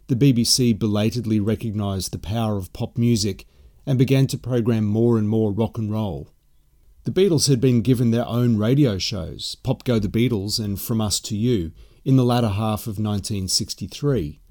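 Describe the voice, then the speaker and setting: A man reading scripted documentary narration in a steady, informative way. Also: fairly low pitch. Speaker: podcast narrator.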